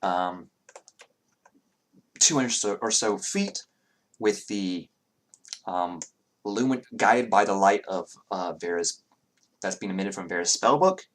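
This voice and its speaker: A man narrating a tabletop game as game master, pausing often with fillers as he describes the scene. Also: low-pitched, a bit bright. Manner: halting, with many fillers.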